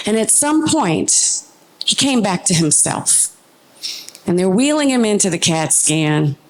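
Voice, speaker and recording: A middle-aged woman telling a personal story on stage into a handheld microphone, vivid and earnest, slowing into tense pauses. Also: fairly low pitch.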